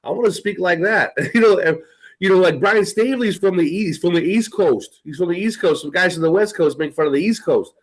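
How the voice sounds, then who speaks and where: A man's voice: high-pitched, fairly quick, poor audio. A man hosting a podcast, chatting casually in a profane, rambling way and laughing often. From United States. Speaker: podcast host. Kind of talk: casual chat.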